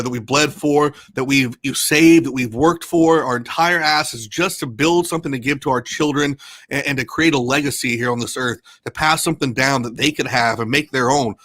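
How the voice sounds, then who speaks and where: A man's voice: mid-range voice, fairly bright tone. A man who is a podcast guest, ranting indignantly and with plenty of swearing in a casual group chat.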